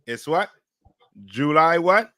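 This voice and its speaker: Brief: man, class leader, bright forceful tone, questioning call-and-response, dry sound. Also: fairly high pitch, animated, slow pace, no echo. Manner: questioning, repeats "you know what I mean". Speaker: class teacher.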